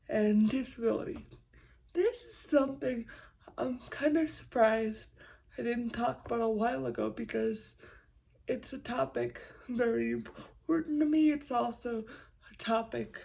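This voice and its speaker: A young woman vlogging at home, talking quietly because of roommates, congested, stumbling and restarting words often. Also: on the high side, creaky, breathy edge, poor audio. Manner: speaks quietly so roommates won't hear; halting, frequent stumbles and restarts. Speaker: YouTube creator. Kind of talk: casual vlog monologue.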